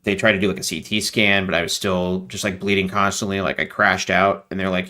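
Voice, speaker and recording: Low-voiced man chatting as guest. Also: a little fast, few pauses. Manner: animated, rambling with frequent fillers and laughs. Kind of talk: casual conversational interview.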